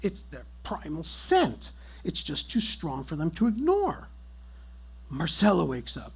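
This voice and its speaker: A man telling a comic true story on stage, animated and theatrical. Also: a little high, unhurried, vocal fry, slightly rough.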